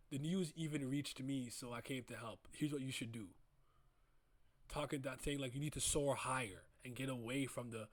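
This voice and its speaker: Male streamer, casual and animated, mid pitch, dry sound. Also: dry recording. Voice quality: animated, laughs often, swings loud and soft. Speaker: streamer reviewing manga chapters. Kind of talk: casual livestream chat.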